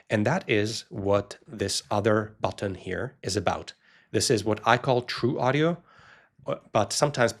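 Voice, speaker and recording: A man giving a casual, relaxed tech explainer, talking loosely with fillers. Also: fairly low pitch. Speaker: lecturer.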